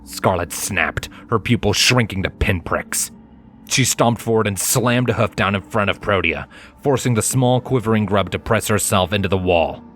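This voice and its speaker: A man reading fan fiction aloud in a measured, dramatic narration. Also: lowish voice, a bit bright. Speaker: fanfiction reader. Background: faint background music.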